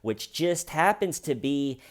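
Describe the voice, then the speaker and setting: A man's voice: on the high side, animated, slow. A man giving sarcastic, comedic true crime commentary with wry asides.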